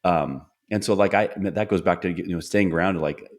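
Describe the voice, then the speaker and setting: A middle-aged man with a low-pitched voice hosts a relaxed podcast conversation. He talks earnestly and slips into short acted-out lines of dialogue while telling stories about his family. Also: normal speed. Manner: earnest, storytelling, acts out quoted dialogue. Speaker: podcast host. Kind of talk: casual conversational interview.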